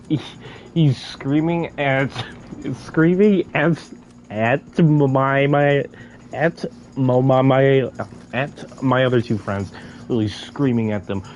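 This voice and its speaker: Young man, casual storyteller with a stammer, average pitch, light hiss behind him. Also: a little mellow, highs cut off. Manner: stammers, repeating syllables many times.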